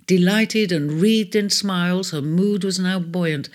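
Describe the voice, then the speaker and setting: A storyteller in a gentle, measured reading of a storybook. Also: medium pitch. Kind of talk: storybook narration. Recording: faint music bed under the voice.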